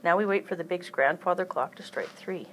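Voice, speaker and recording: A woman voicing a tiny, cautious father who calmly gives instructions. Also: on the low side, fairly quick, noisy background, lightly acted. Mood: instructing. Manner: calm, instructive.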